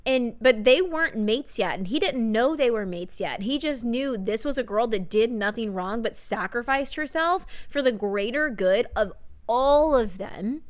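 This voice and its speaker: Here a young adult podcast co-host with a somewhat high voice discusses books at a measured pace. The conversation is casual and animated, sprinkled with fillers and retold quotes.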